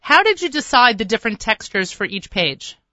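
A woman's voice: a little high, big pitch swings, brisk, sharp tone, dry recording. A woman hosting a radio interview show, speaking with effusive enthusiasm. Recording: dry, slightly dull lo-fi sound.

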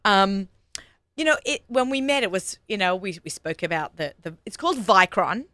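A woman's voice: mid-range voice, expressive, pushed and bright, no room sound. A woman with an Australian accent hosting a talk show, chatting enthusiastically with a guest. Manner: chatty and enthusiastic, quick asides. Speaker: radio show host. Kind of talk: casual chat.

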